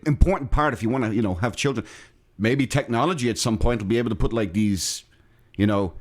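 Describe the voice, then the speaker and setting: A man's voice: medium pitch, fast. A man co-hosting a podcast, giving opinionated, joking rants in casual chat. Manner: opinionated, joking, lively ranting. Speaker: podcast co-host.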